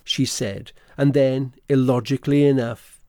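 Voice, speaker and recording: A male narrator reads a classic tale in a measured, literary way. His voice is gravelly and his pitch is middling. The sound is close and dry. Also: fairly even intonation, warm tone, dry recording. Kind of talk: scripted audiobook narration.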